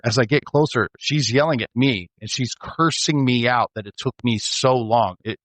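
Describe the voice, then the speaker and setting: A man, a former sheriff's deputy, telling an animated story in a casual chat. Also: mid-range voice, moderate pace. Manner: animated, laughs while telling.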